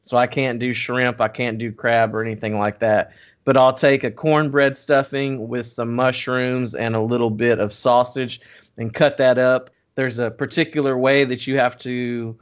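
Guy hosting a fishing podcast, mid pitch, kinda dull lo-fi sound, animated and jokey. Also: clean tone. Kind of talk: casual fishing podcast chat.

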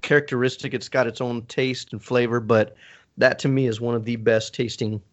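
A man's voice: mid-range voice, steady tone, moderate pace, lo-fi sound. A man on a casual fishing podcast who talks enthusiastically and keeps searching for the right words.

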